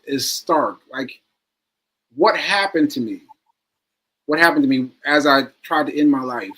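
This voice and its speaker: A man's voice: medium pitch, fairly bright tone, low-quality recording. A man being interviewed as a guest, speaking earnestly and repeating phrases for emphasis. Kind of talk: interview conversation.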